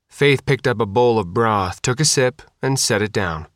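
A man narrating an audiobook in an even, clear reading. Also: medium pitch, moderate pace, few pauses, dry recording, clean studio sound.

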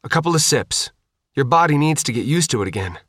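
A man voicing a steady soldier in an audiobook, calm and reassuring as he tends a survivor. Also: on the high side, quick pace, no room sound, clean studio sound, pitched above the performer's own voice. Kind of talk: audiobook character voice.

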